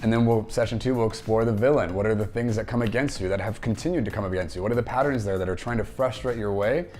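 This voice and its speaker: A man's voice: fairly low pitch, quick pace, a little mellow, a little hiss or hum. A man hosting a casual movie commentary, chatting enthusiastically and retelling scenes in his own words. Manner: enthusiastic, conversational, retells scenes with quoted dialogue.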